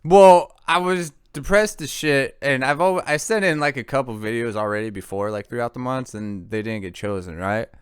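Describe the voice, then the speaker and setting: A man's voice: medium pitch, moderate pace, hardly any pauses, no echo, clean studio sound. A man co-hosting a casual podcast, rambling and swearing freely as he tells a story. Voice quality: smooth, clear. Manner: rambling, swears freely, acts out quotes in voices. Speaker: podcast co-host.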